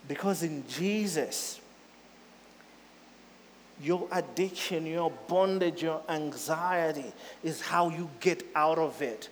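A male pastor delivers a sermon in a notably high voice, hammering home repeated phrases. He swells to loud, urgent peaks and then drops back to a softer, lower delivery. The sound carries a long reverb tail, as in a large hall. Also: takes it slowly, slight background noise.

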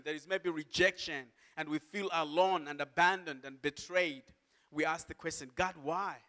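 A man preaching a sermon as pastor, earnest and emphatic, slowing down to stress key words and rising into impassioned cries. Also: sits high, sharp tone.

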